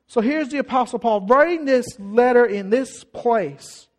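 A man with a very high-pitched voice preaches a fervent sermon. He repeats phrases for emphasis and swings between loud exclamations and quiet, drawn-down passages. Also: a little slow. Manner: passionate preaching, repeats phrases, rises and drops in volume. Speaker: pastor.

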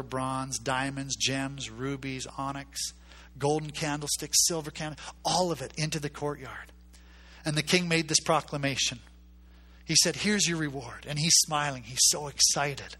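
Bright-voiced man preaching a story. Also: mid-range voice, husky. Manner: acts out characters' voices, emphatic repetition. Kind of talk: sermon storytelling.

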